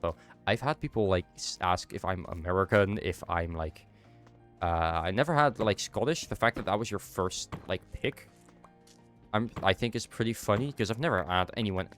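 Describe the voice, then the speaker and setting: A man's voice: fairly low pitch, fairly bright tone. A young Dutch man streaming a game, chatting casually with his viewers; his nose is stuffed up from a cold. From Netherlands. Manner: chatty, answers chat while playing. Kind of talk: casual chat while gaming.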